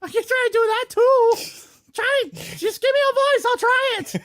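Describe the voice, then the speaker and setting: A woman's voice: very high-pitched, fairly even intonation, moderate pace, no echo, clean studio sound. A woman co-hosting a podcast, doing a silly, giggly sponsor read in a put-on voice. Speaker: podcast co-host.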